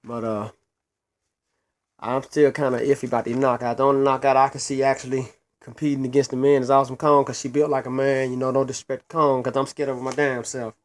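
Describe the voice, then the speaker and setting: A man's voice: medium pitch, level tone, fairly quick. A man reviewing wrestling shows in a casual solo rant, blunt and profane, stumbling and repeating words as he gets worked up.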